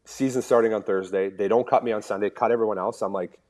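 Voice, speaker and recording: Low-voiced man telling hockey stories. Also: fast talker. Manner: animated storyteller, acts out quoted dialogue. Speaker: podcast guest, former pro hockey player. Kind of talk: casual storytelling interview.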